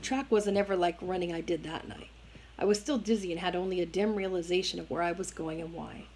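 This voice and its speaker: A woman reading a novel aloud in a steady, even narration. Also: on the low side, fairly quick, breathy edge, low-quality recording. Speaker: reader.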